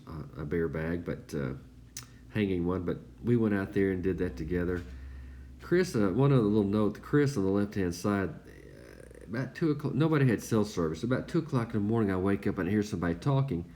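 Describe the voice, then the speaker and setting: A man's voice: deep voice, animated, fairly quick, warm tone, slight background noise. A man, easygoing and full of fillers, telling trail stories as a casual voice-over recap. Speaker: thru-hiker vlogger.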